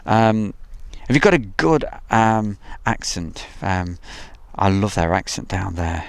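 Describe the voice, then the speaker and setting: A man's voice: fairly low pitch, lively intonation, slow, vocal fry, clear, resonant tone, no room sound. A man hosting a casual outdoor live stream, rambling chattily and reading viewer messages aloud. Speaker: livestream host. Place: outdoors at an airfield.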